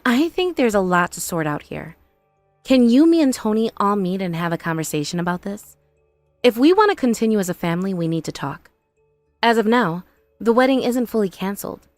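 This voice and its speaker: Lady doing a patient bride who keeps calm, earnest, dry sound with a little music behind. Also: medium pitch, brisk, no room sound, close to an everyday voice. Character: patient young bride, adult woman. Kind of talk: animated story voice-over.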